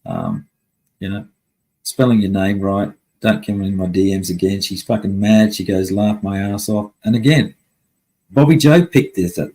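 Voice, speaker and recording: A man's voice: fairly low pitch, dark tone, breathy edge, poor audio. A man hosting a live stream, ranting angrily at his chat with constant swearing. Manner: heavy swearing, angry and blunt. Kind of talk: casual live-stream rant.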